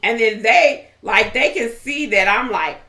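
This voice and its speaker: A woman with a Southern US accent telling a story in casual chat with her husband, lively and laughing. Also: a little high, measured pace, reverberant. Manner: lively, talks over her partner, laughs. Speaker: co-host, host's wife.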